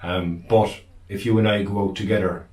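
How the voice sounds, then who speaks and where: A man with an Irish accent co-hosting a podcast, reading listener questions in a relaxed, modest way. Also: fairly low pitch, moderate pace. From Ireland. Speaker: podcast co-host. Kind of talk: casual chat. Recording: roomy, distant from the mic.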